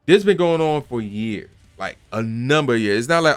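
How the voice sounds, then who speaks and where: A young man hosting a gaming channel speaks in a mid-range voice at a moderate pace with few pauses. His casual opinion rant is animated, emphatic and full of slang, and at times he acts out the people he quotes.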